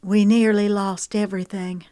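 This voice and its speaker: A woman's voice: medium pitch, level tone, normal speed, dark tone, no echo, voice pushed up, natural voice. A woman narrator voicing a guarded young woman country singer, earnest and rueful, in a dry close recording.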